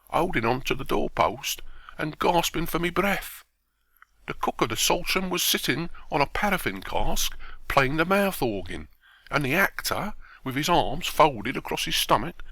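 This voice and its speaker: A man reading a bedtime story aloud in an expressive, lively storytelling manner. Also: a little high, dry recording. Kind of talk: scripted narration of a bedtime story.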